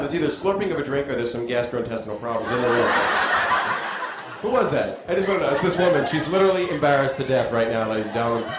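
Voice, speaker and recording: A male stand-up comedian performing a live set, riffing with and teasing the audience from a comedy club stage. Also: on the high side. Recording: echoey archival club recording with loud crowd noise. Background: audience laughter.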